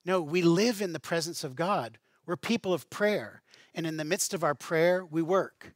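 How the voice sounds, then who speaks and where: A man's voice: on the high side, normal speed, no echo, studio quality. A middle-aged man preaching a sermon as a pastor, conversational, with asides and light humor.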